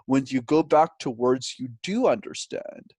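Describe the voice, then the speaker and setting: Animated, jokey man from Canada. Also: medium pitch, unhurried, breathy edge, no echo. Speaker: guest. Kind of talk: casual interview chat.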